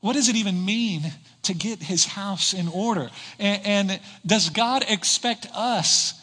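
Male pastor, sermon delivery, high and bright, asks the congregation questions, lingers on key words. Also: husky. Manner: earnest preaching, slows down for emphasis, rhetorical questions. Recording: reverberant hall.

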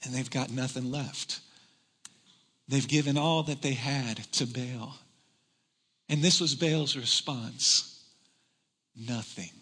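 A man preaching a sermon to a large congregation, retelling a story with dramatic swings between shouting and hushed tones. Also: medium pitch, breathy edge, long reverb tail. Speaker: pastor. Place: large church hall.

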